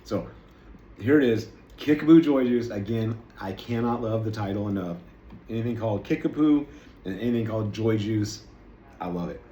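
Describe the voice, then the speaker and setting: A man's voice: fairly low pitch, normal speed, warm tone, highs cut off. A man talking casually to his camera as he tastes snacks, rambling and chatty, poking fun at himself. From United States. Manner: rambling, chatty, self-deprecating. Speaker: vlogger. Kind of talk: casual food-tasting chat. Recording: echoey room with faint noise.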